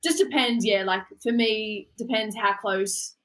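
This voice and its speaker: A woman's voice: a little high, unhurried, a little hiss or hum, poor audio. A young Australian woman, a boxer being interviewed, talking casually with lots of fillers and easy laughter. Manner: relaxed, laughs often, trails off into fillers. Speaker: guest boxer.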